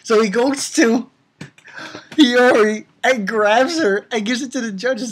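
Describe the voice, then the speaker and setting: A man giving a casual, rambling recap of an anime episode, excitable and quick to swear and laugh. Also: high voice, slight background noise. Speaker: anime reviewer.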